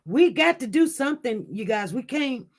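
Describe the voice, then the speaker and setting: A woman's voice: sits high, very animated, normal speed. A woman hosting a casual livestream, talking straight to her viewers in an impassioned, repetitive way. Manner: impassioned, repetitive, talks directly to chat. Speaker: livestream news host.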